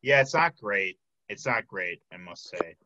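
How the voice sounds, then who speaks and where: A man hosting a podcast in casual chat, hesitant, with lots of fillers, trailing off softly. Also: lowish voice, lively intonation, unhurried, muffled recording, background noise. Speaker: podcast host.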